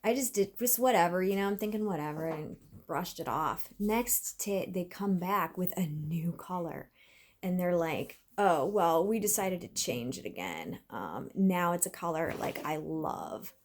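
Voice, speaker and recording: A woman's voice: fairly low pitch, lively intonation, measured pace, a little mellow, a little hiss or hum. Chatty woman vlogging, loose and casual. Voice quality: chatty, frequent fillers and restarts. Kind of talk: casual vlog chat.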